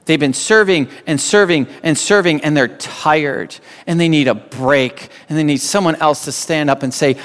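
Male pastor preaching in a church, acting out dialogue as he tells a story, with a slightly high voice and long reverb. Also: normal speed, few pauses, a bit bright. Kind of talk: sermon.

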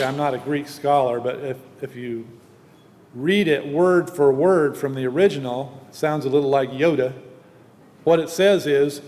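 A man's voice: medium pitch, darkish tone. Man preaching in an echoing hall. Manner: earnest teaching, slows for emphasis. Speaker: pastor. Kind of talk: sermon with scripture reading. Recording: long hall reverb.

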